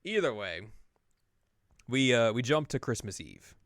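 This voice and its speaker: A man's voice: medium pitch, big pitch swings, a little slow, fairly bright tone, dry recording, studio quality. A man co-hosting a podcast, casually recapping an anime episode and acting out the characters' lines with laughter. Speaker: podcast co-host.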